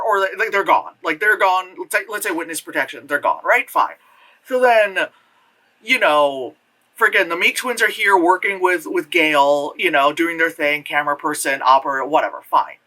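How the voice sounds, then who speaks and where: A movie reviewer talking casually, rambling and swearing, with lots of fillers and sudden jumps into high voices. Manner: rambling, loose and profane, full of fillers; animated, jumps into high voices for retold reactions. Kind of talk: casual spoken film review.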